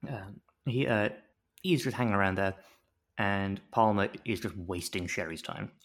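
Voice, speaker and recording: Brief: low-pitched male podcast co-host, rambling and jokey, fond of mock-lecture bits. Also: moderate pace. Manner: jokey, rambling, swears, does mock-pompous explaining bits. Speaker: podcast co-host recapping a TV show. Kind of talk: casual chat.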